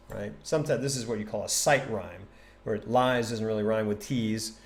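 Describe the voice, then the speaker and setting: A man casually teaching a poem on a livestream, chatty and animated, thinking aloud and tapping out rhythms. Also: fairly low pitch, brisk. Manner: taps out rhythm with nonsense syllables. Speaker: streamer explaining a poem.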